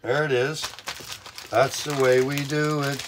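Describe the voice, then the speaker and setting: Chatty older man, slightly hoarse. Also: medium pitch, little pitch movement, slow, a little hiss or hum, rough recording. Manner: upbeat, chatty, self-amused. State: voice a bit hoarse, clearing throat. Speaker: vlog host. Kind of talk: casual chat while cooking. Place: camper kitchen. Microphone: phone on a selfie stick. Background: bacon frying.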